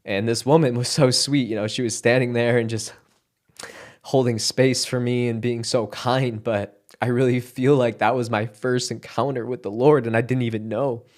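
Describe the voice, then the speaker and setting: A young man giving a halting, emotional personal testimony, close to tears, with casual fillers and sighs. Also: medium pitch, steady tone, darkish tone. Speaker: content creator sharing his testimony.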